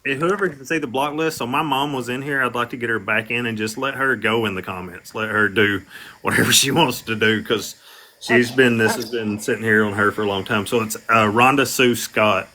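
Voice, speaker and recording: A man's voice: medium pitch, fairly even intonation, brisk, bright, forceful tone, a little hiss or hum. A man hosting a livestream, talking casually and rambling with frequent fillers and restarts. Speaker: livestream host.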